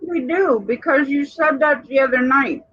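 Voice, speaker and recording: A man's voice: extremely high pitch, normal speed, no echo. A man co-hosting a livestream, chatting casually and teasing a friend with frequent laughs. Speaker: livestream co-host. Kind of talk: casual chat. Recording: dull lo-fi stream audio.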